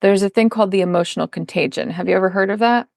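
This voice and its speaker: A woman's voice: medium pitch, very fast, gravelly, a little mellow, no echo, clean studio sound. A middle-aged woman, a parenting coach and podcast guest, talking in an emphatic, explanatory way in a conversational interview. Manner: emphatic, explanatory, acts out quoted voices.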